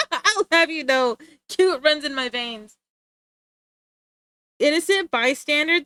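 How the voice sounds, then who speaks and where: Young female streamer, giggly and mock-tough, high pitch, dry home mic. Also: measured pace, sharp tone, no echo. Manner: playful, giggly, mock-threatening. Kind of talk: casual live-stream chat.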